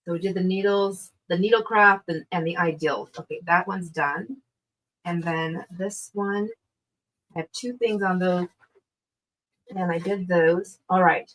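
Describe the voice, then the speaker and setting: A woman's voice: fairly low pitch, steady tone, unhurried, fairly bright tone, rough recording. A middle-aged woman hosting a live online craft sale from her craft room, chatting casually, exclaiming over items and laughing often. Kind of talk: casual live-stream selling chat.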